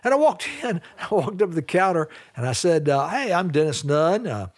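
Middle-aged male Southern pastor, folksy anecdotal sermon delivery, voice somewhat high and very animated. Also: moderate pace. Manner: folksy anecdotal storytelling, acts out quoted voices. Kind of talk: storytelling sermon.

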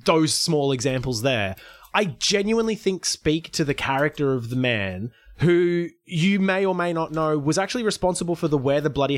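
A man in a casual political chat, ranting heatedly and swearing as he talks. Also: fairly high pitch.

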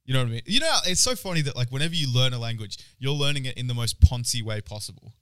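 A man's voice: medium pitch, expressive, fast talker, clear, resonant tone, dry recording. A young man with an Australian accent, trading crude jokes and swearing freely in casual podcast banter. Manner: crude, joking, laughs often, swears a lot.

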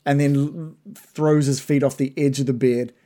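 A man narrating as game master, relaxed with chuckles and fillers. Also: medium pitch, normal speed.

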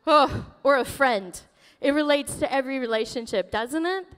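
A woman pastor preaching a sermon in a church, emotional and animated, laughing often as she tells stories. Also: high voice, normal speed, in a large hall. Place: church sanctuary.

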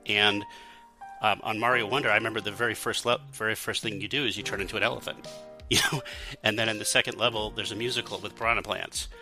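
A man's voice: on the low side, bright, forceful tone. A man hosting a gaming podcast in casual chat, asking questions and talking with many likes. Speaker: podcast host.

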